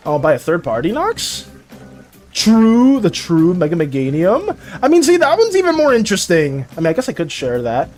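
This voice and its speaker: Young guy streaming his art, high voice that swings all over, gets heated and stammers a lot. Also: moderate pace, faint music behind. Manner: excitable ranting, stammering restarts, frequent laughter. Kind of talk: casual live-stream chat.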